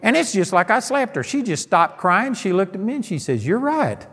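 A man's voice: high-pitched, big pitch swings, brisk, a bit bright, husky, in a large hall. A middle-aged man preaching a sermon, telling folksy stories and landing emphatic punchlines.

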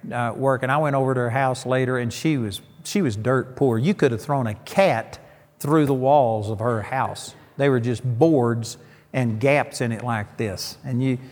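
A man's voice: mid-range voice, big-room sound. A middle-aged man preaching a sermon, telling folksy stories and landing emphatic punchlines.

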